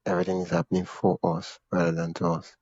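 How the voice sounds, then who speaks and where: Guy hosting a podcast, lowish voice, keeps restarting his sentences, kinda muffled dry audio. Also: little pitch movement, fast talker, a little mellow, husky, no echo. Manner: searching for words, repeats himself, laughs now and then. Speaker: podcast host. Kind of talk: conversational interview.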